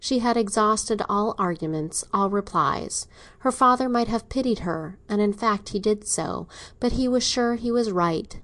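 A woman narrating an audiobook in an even, measured reading voice. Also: mid-range voice. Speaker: volunteer audiobook reader.

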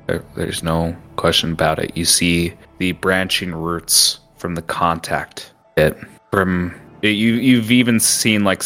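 Deep male game master, narrating scenes, some stumbles. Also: a bit bright. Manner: descriptive, with restarts.

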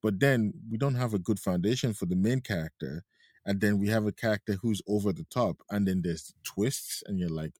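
A man's voice: sits low, moderate pace, a little mellow, dry recording, clean studio sound. A man co-hosting a movie review podcast in casual chat, chatty, laughing often and restarting his sentences. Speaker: podcast co-host.

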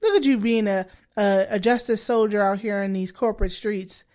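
Teasing woman co-host, quick quips. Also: mid-range voice, animated, a little mellow. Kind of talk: casual chat.

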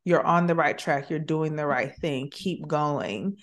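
Woman host, deep low voice, expressive chatty faith talk. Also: unhurried. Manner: warm, expressive, uses 'sis' and 'baby'. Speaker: podcast host, therapist. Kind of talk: casual faith chat.

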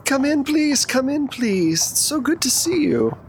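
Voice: high-pitched, very animated, a little slow, slight background noise, voice pushed up, heavily acted. A game master voicing a gracious, slightly forgetful older society lady who fusses over her guest. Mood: welcoming. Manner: genteel, fussing over guests. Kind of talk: in-character role-play.

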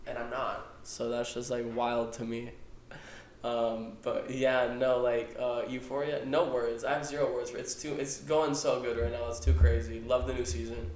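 A young man co-hosting a podcast, talking fast and excitably and dropping "bro" into almost every sentence. He swears freely, and the room gives his voice a noticeable echo. His pitch sits in an ordinary middle range. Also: slight background noise. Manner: excitable, swears a lot, says "bro" constantly. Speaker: podcast co-host. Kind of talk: casual chat. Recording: echoey room.

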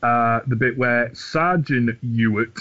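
A man's voice: medium pitch, takes it slowly, lo-fi sound. A man co-hosting a podcast, chatting casually in a sweary, meandering, anecdotal way. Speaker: podcast co-host. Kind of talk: casual chat.

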